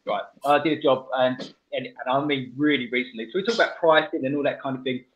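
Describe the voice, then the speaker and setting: A man hosting a casual radio show, telling stories with animated energy and frequent laughter. He stumbles and restarts as he talks. The audio is slightly muffled and lo-fi. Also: medium pitch, fast talker, a little hiss or hum. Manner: animated storyteller, laughs often, restarts mid-sentence.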